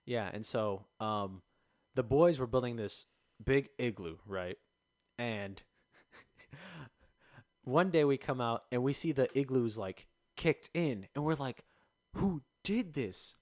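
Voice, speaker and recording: A young man hosting a podcast, telling stories in an animated way with laughter. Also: medium pitch, slow, long pauses. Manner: animated, laughing, acts out voices. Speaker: podcast host. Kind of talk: casual storytelling chat.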